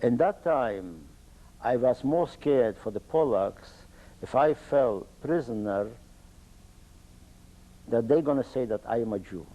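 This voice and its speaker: An older man from Poland with an Eastern Polish accent, telling his own life story in halting, broken English. He often stops and restarts his sentences. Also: mid-range voice, expressive, dark tone, poor audio. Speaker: interviewee. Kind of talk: oral history testimony.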